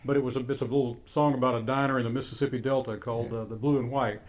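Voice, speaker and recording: Male songwriter guest, talks fast, chatty and self-deprecating. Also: medium pitch, fairly even intonation. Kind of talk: casual interview talk.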